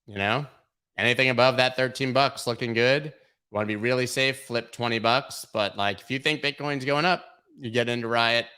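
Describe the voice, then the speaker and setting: A man's voice: medium pitch, moderate pace, pushed and bright, smooth. A man hosting a crypto livestream, going over charts in casual, irreverent commentary full of swearing and mockery. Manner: irreverent, profane, mocking.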